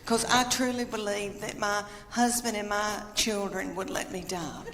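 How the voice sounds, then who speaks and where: A middle-aged woman performing stand-up comedy, telling chatty stories whose punchlines trail off quietly. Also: medium pitch, steady tone, normal speed. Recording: echoey hall, loud audience and noise.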